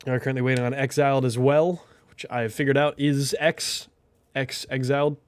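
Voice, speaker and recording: A man's voice: medium pitch, level tone, moderate pace, clear, resonant tone, no echo. A man hosting a game tournament stream, chatting casually and thinking aloud with lots of fillers. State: out of breath. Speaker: tournament host. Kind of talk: casual livestream commentary.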